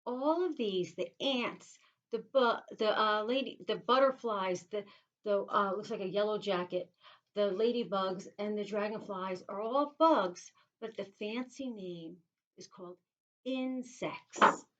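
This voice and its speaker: A woman, a teacher leading young children through a phonics lesson in a sing-song, animated way, sounding out letter sounds. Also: mid-range voice, measured pace, lo-fi sound. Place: inside a small tent.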